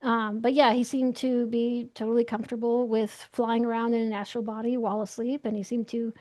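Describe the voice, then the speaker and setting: A woman's voice: a little high, level tone, fairly quick, darkish tone, no room sound. A young woman telling stories casually as an interview guest, chatty with lots of "like" and frequent laughs. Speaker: interview guest, astral projector. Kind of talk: casual storytelling chat.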